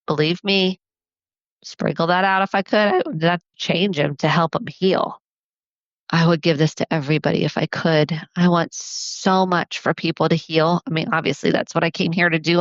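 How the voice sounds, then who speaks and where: A woman hosting a podcast as a family therapist, talking earnestly and encouragingly, counting off her points slowly. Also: low-pitched, dry recording, highs cut off. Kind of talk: solo podcast talk.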